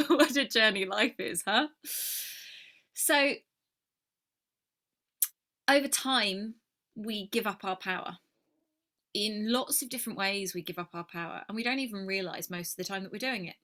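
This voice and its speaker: Woman, spiritual mentor, reflective video talk, heartfelt, bright voice. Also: on the high side. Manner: heartfelt, musing, drops to whispers for affirmations. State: emotional.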